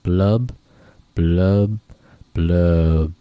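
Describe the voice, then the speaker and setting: A gloomy, resigned storybook fish, as a man reading aloud puts him on. He laments in slow, mournful rhyme, his voice very deep and unhurried. The sound is close and dry, with no room around it. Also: steady tone, warm tone, clear, resonant tone, no echo. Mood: glum.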